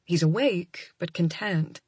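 Soft, breathy woman narrating a romance. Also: fairly low pitch, slow pace, no room sound. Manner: soft, breathy and emotional, often near a whisper. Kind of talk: first-person audiobook narration.

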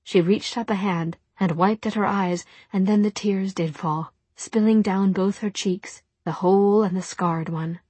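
A woman narrates an audiobook in a calm, steady storytelling voice. Her tone has a husky, breathy grain at a middle pitch. The recording is close and dry. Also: measured pace, few pauses, no room sound. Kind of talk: scripted narration.

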